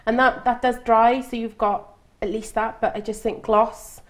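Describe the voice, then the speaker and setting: A woman hosting a casual live beauty chat show, chatty and quick to laugh, with many restarts. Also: on the high side, little pitch movement. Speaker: host.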